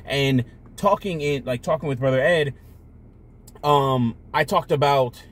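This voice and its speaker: A male vlogger talking straight to camera in a loose, rambling monologue at a mid-range pitch. He is blunt and profane, with lots of fillers and restarts, and often drops to a quieter, lower mutter when he turns to personal matters. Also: a little slow. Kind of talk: casual monologue.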